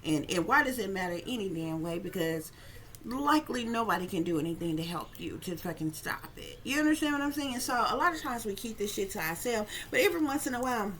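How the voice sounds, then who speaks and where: A woman's voice: mid-range voice, lively intonation, a little fast, fairly bright tone, a little hiss or hum. A woman psychic reader talking casually and bluntly to her viewers, swearing often and checking in with asides as she tells a story.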